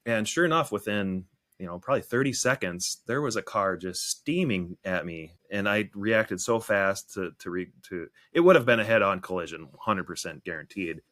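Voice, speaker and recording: Man, lowish voice, podcast guest, stumbling restarts. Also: animated, a bit bright. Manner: halting, with many restarts. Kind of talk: casual conversation.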